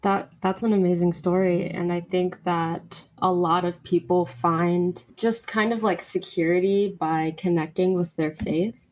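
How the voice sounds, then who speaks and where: A woman hosts an interview podcast, asking her guest careful, thoughtful questions. She speaks in a measured way, with pauses and fillers as she works through her wording. Her voice sits somewhat low for a woman. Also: steady tone, a little mellow. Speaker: podcast host.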